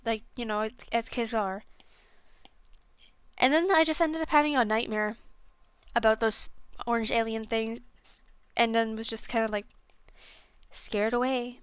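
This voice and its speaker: A woman's voice: fairly high pitch, fairly even intonation, moderate pace, pauses often, smooth, no echo. A young woman streamer chatting casually about a game she played, rambling and self-deprecating with lots of fillers. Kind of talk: casual game review chat.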